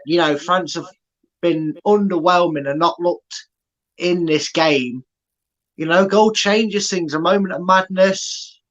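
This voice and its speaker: A man's voice: sits high, fairly bright tone, dull audio. A football fan co-hosts a live match watchalong with a slightly raised voice. He analyses the play at length, often restarting his sentences. His tone stays chatty and considered. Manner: rambling, many restarts, analytical. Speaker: fan channel co-host.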